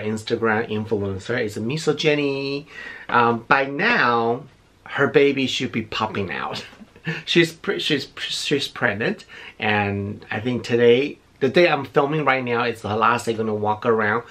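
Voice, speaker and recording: A man's voice: medium pitch, fairly bright tone. A middle-aged man, chatting effusively while unboxing gifts, a little out of breath. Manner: gushing, effusive, repeats himself. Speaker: beauty vlogger. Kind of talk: casual unboxing chat.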